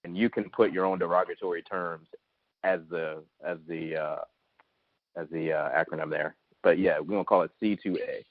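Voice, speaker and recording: A man co-hosting a podcast, speaking bluntly and haltingly in casual chat. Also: sits low, fairly even intonation, no echo. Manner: blunt, halting, gropes for words. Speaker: podcast co-host. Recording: phone-like dry line.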